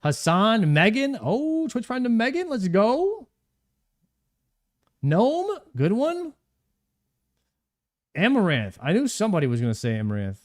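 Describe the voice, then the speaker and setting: A man's voice: sits high, wildly swooping pitch, unhurried, long pauses. A man streaming a video game live, chatting casually and thanking viewers by name.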